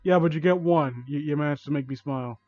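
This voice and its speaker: A man's voice: on the high side, fast, darkish tone, no echo, highs cut off, soft background music. A young man reading a fan story aloud for comedy, breaking off into sarcastic, exasperated commentary.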